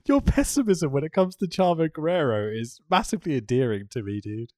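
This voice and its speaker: Male podcast co-host, sweary, laughs a lot, lively pitch, dry close sound. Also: brisk, dry recording. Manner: laughs often, sweary, animated recapping. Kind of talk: casual wrestling recap chat.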